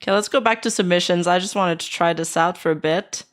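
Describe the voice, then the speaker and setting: A woman's voice: lowish voice, quick pace. A woman host chatting breezily while reacting to clips. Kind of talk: casual stream reaction.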